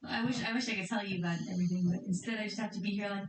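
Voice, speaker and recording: A woman's voice: medium pitch, steady tone, rapid-fire, hardly any pauses, echoey room, recorded from a distance, a little hiss or hum, low-quality recording. A woman streamer chatting casually to her viewers, rambling and giggly as she talks about her plans. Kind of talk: casual chat.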